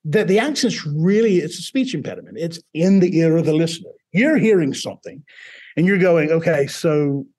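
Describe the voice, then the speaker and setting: Man, British-sounding accent, middle-aged, husky, slightly high voice, animated storytelling. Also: brisk. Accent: British-sounding accent from foreign accent syndrome. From Mississippi, US South. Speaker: guest. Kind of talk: conversational interview storytelling.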